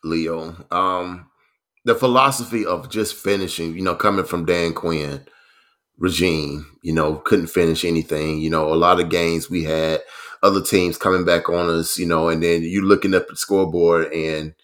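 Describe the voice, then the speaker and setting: A man co-hosting a casual sports talk show, relaxed and filling his speech with "you know" and "um". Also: deep voice, moderate pace. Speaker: podcast co-host.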